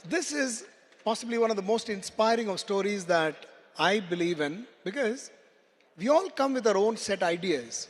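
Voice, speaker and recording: A man giving a keynote, telling a story in an animated, dramatic way to a large hall. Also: high voice, normal speed. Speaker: keynote speaker. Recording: long hall reverb.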